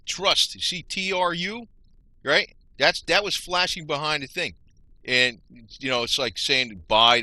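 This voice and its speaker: In a dry recording, a man's pushed, bright voice sits on the high side as he rants through a screen share. He's a vlogger who rambles with frustration, calling his audience "you guys" while walking them through his screen.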